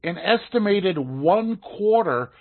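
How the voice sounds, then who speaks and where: A man's voice: high voice, lively intonation, takes it slowly. A man co-hosting a casual podcast, easygoing and often laughing, reading news stories aloud. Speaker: podcast co-host. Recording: phone-like narrow band.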